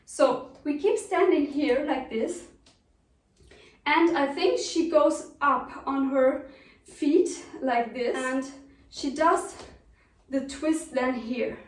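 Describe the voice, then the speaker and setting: A woman's voice: high voice, slow pace. A young woman with a German accent teaching belly dance, patiently counting and calling out the steps as she dances. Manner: patient, counts steps aloud while dancing. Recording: echoey room from far off.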